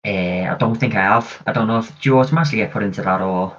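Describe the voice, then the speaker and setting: A podcast co-host with a lowish, slightly bright voice talks at a racing speed. It's a casual, easygoing chat in which he plans aloud, captured in dull lo-fi audio.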